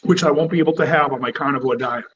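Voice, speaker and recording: A man's voice: a little high, racing, fairly bright tone, highs cut off. A man hosting a cigar channel, chatting casually and bluntly with plenty of swearing. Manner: blunt and profane. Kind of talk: casual livestream chat.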